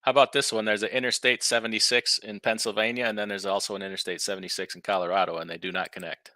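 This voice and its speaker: A man's voice: fairly low pitch, little pitch movement, fast talker, sharp tone, no room sound. A man, a guest on a live talk show, telling a funny story with chuckles and repeated words.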